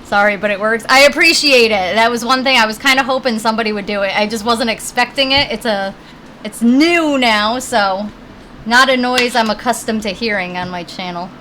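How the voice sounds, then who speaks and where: A woman's voice: fairly high pitch, moderate pace, pushed and bright, slight background noise, poor audio. A woman live-streaming a video game in casual chat, talking with viewers and her puppies at her computer. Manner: chatty, talks to her puppies between game lines.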